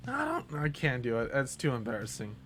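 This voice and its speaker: A man's voice: medium pitch, huge pitch swings, fairly quick, a bit bright. A man casually commenting on his live gameplay in a playful, jokey way, laughing often. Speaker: game streamer. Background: faint game music.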